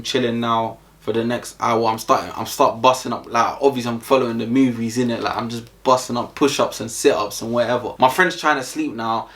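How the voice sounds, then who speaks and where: A man's voice: mid-range voice, a bit bright. Young London man telling a rambling story. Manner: slangy and rambling, with many fillers. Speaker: vlogger. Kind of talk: casual storytime.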